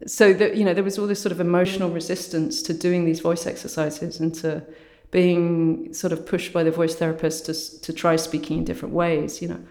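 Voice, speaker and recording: A woman artist with a low voice, speaking thoughtfully as an interview guest and often saying "you know" and "sort of". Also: little pitch movement, fairly quick, dark tone. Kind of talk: reflective conversational interview. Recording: roomy echo.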